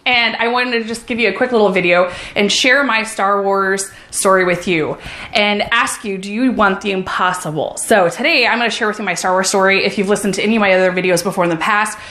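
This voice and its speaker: An upbeat woman vlogger talks to her viewers in a cheerful, encouraging way, at a medium pitch for a woman. Her voice rings out in a roomy space. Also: brisk, sharp tone. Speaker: vlogger, runner and mom. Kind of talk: casual motivational vlog.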